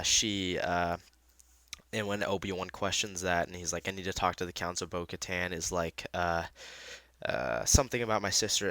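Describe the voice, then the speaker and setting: A man with a low, forceful voice talks through his recap with eager, rambling enthusiasm and keeps restarting his sentences. The recording is dry, with no room sound around him. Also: no echo. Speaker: host. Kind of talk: excited casual fan recap.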